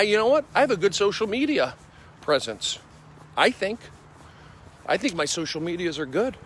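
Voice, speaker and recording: A male comedian livestreaming on his phone while walking city streets, rambling excitably with repetitive bursts of loud emphasis. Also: fairly high pitch, a little hiss or hum. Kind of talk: rambling walk-and-talk livestream.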